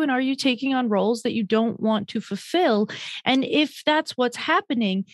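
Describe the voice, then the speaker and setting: A woman in casual conversation who explains her point firmly and gives advice. Her voice sits a little high for a woman. The recording is close and dry. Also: dry recording. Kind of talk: casual chat.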